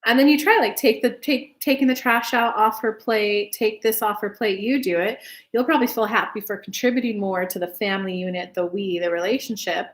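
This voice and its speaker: A woman's voice: mid-range voice, fairly even intonation, brisk. A woman giving casual spiritual relationship advice, chatty and loose, cursing now and then and acting out little dialogues. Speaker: spiritual advice channel host.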